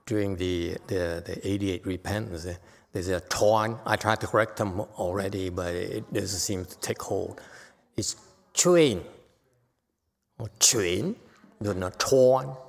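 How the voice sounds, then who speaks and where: An older man giving an unscripted dharma talk as a Buddhist teacher, blunt and exhorting, often checking in with "okay?". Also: lowish voice. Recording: long reverb from a hall.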